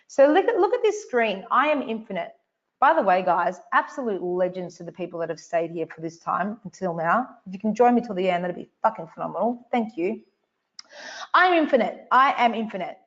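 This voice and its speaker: A woman's voice: medium pitch, muffled recording. A woman hosting a live online coaching session, emphatic and repetitive, swearing casually as she speaks to viewers. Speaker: online event host.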